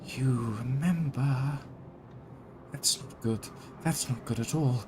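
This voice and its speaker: A man voicing a tiny frightened female spirit who speaks softly and urgently. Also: medium pitch, slow pace, noisy background, voice pushed up, natural voice. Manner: anxious, soft and urgent.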